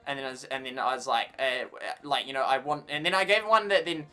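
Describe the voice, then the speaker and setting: Bright-voiced New Zealand man ranting. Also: mid-range voice, fast, clear, resonant tone, soft background music. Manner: rambling, many restarts, aggrieved. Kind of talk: casual ranting vlog.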